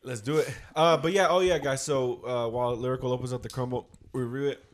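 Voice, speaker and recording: A man co-hosting a podcast in relaxed, slangy, rambling chat. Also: medium pitch, fairly quick. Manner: laid-back, slangy and rambling. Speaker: podcast co-host. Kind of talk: casual chat.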